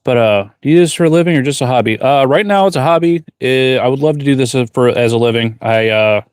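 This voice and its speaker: Man, blacksmith streamer. Casual, rambling chat at a mid-range pitch, with a dry close sound. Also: fast talker, darkish tone, clear, resonant tone, dry recording. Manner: laid-back, rambling, reads viewer questions aloud. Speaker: blacksmith livestreamer. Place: forge workshop.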